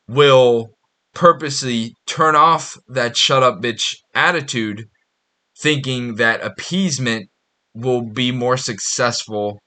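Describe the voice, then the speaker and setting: Bright and forceful at a medium pitch, a podcast host talks through a casual solo ramble. He's profane and blunt and frequently restarts what he's saying.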